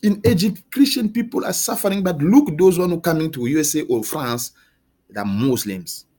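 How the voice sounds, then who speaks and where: Husky, high-pitched man in a heated rant. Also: warm tone. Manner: heated, pleading, repetitive questioning; halting restarts and repeated words. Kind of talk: impassioned monologue to camera.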